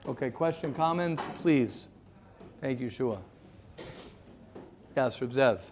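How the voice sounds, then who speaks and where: A man's voice: medium pitch, takes it slowly, darkish tone, slight background noise. A man leading an interactive study class, often restarting his sentences and mixing in Hebrew terms. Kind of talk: interactive lecture.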